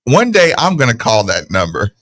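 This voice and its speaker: A man's voice: medium pitch, huge pitch swings, moderate pace, a bit bright, dry recording. A man co-hosting a podcast, joking playfully in casual chat. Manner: playful, jokey. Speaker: podcast co-host.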